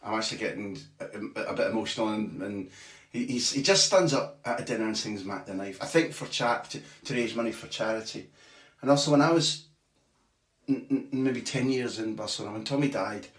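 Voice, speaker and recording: A man who is a football journalist guest, telling a long anecdote in a lively way with casual swearing. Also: mid-range voice, normal speed. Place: tiny bathroom. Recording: echoey small bathroom.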